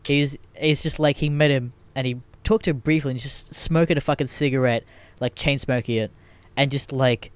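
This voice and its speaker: A man's voice: mid-range voice, fairly even intonation, fairly quick, smooth, no echo. Young man rambling with casual swearing. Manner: rambling, heavy swearing, many fillers. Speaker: podcast host. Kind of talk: casual podcast chat.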